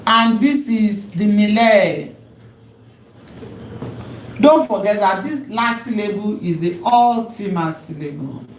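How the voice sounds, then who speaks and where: A woman teaching a Hebrew lesson, speaking deliberately and repeating key words so learners can follow. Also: medium pitch, lively intonation. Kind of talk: recorded language lesson. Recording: roomy echo, faint background hum.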